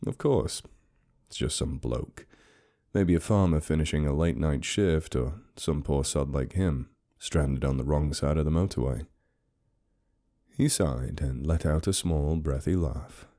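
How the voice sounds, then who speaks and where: In a slow, brooding, measured way, a man with an extremely deep voice narrates a horror story. His tone is dark and mellow, and his scripted storytelling stays steady throughout.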